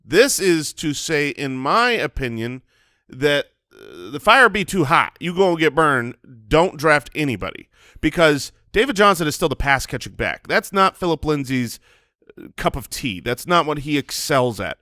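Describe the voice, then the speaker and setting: A man co-hosting a fantasy football podcast, talking in joking, animated banter. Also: a little high, normal speed, no room sound, studio quality. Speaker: podcast co-host. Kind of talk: casual sports chat.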